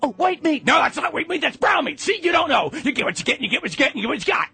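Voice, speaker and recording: A man voicing a mean old grandfather who shouts taunts while carving turkey at a family dinner. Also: very high-pitched, sing-song, normal speed, vocal fry, soft background music, pitched above the performer's own voice, heavily acted. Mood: gleefully yelling. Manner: yelling, bullying, sing-song taunts.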